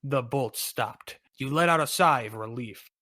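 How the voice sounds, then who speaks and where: A man's voice: medium pitch, a little slow, sharp tone, no echo, studio quality. A man co-hosting a podcast, narrating a fan fiction aloud in an amused, playful way. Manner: amused, breaks into laughter between lines.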